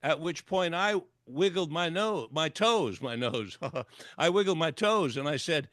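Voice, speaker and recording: A long personal story comes from an older man, a clinical psychologist and author guesting in a radio interview, who animatedly performs every quoted line. Unhurried, fairly bright, and a little high for a man, his voice is captured dry and close, with no room sound at all.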